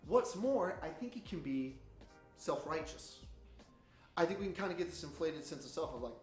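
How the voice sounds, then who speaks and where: A man preaching a sermon series intro, animated and loud when he acts out his own reactions. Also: on the high side, moderate pace, echoey room, faint music behind.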